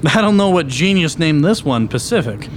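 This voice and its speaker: A dry, wisecracking private eye, played by an actor who narrates in hardboiled fashion. His slightly high voice swings widely, with a faint hiss in the background. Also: sing-song, normal speed. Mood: wry. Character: wry male private eye, dry wit.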